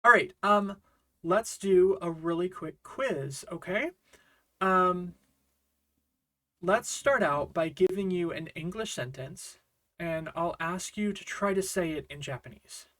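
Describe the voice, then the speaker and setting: Man chatty online Japanese tutor, higher voice. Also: slow pace, sharp tone. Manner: friendly, chatty explaining with small fillers and asides. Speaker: Japanese language teacher. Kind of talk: casual online grammar lesson.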